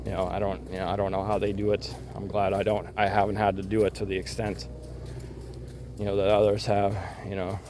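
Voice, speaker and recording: A man talking reflectively in a casual chat, halting, full of fillers, trailing off. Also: lowish voice, monotone, a little mellow, a little hiss or hum. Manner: halting, many "you know" fillers, trails off.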